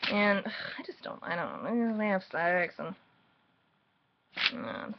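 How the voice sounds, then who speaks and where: A woman's voice: mid-range voice, slow pace, gravelly, pauses often, muffled recording, noisy background. A woman recapping book chapters in a casual, rambling way, full of sarcastic and mocking asides. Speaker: book reviewer.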